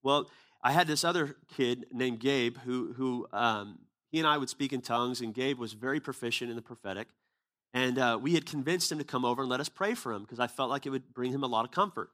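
A man's voice: medium pitch, fairly quick, fairly bright tone. Casual storytelling male preacher. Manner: casual, conversational retelling with quoted dialogue. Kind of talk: sermon storytelling.

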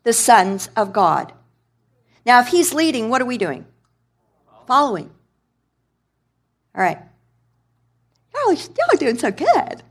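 A woman preacher giving a sermon in a conversational, animated way, asking the congregation questions. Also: a little high, slow pace, long pauses, husky. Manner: conversational, animated, quizzes the audience.

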